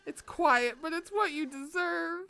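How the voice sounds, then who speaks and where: A young woman streaming live and commenting on a game, excitable and dramatic, with frequent swearing. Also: very high voice, unhurried, gravelly.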